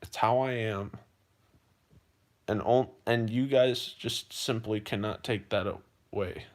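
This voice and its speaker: A man livestreaming to his viewers, talking earnestly and emotionally, repeating himself and often calling them "you guys". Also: medium pitch. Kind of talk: heartfelt livestream monologue.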